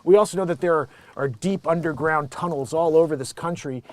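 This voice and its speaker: A man's voice: fairly high pitch, brisk. A middle-aged man from Connecticut hosting a show, delivering a sarcastic, swearing comic rant. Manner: sarcastic, swearing, drifting into bits. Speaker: show host. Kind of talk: ranting comic monologue.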